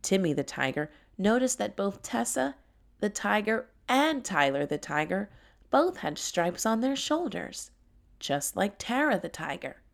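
A woman narrating a children's story in a gentle, unhurried way. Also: mid-range voice, sing-song, creaky.

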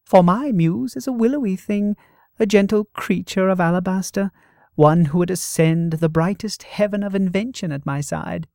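A man's voice: a little high, wildly swooping pitch, a little slow, no room sound, studio quality, pitched above the performer's own voice, exaggerated voice. A man voicing an indignant, flowery male playwright who talks in theatrical, archaic phrases.

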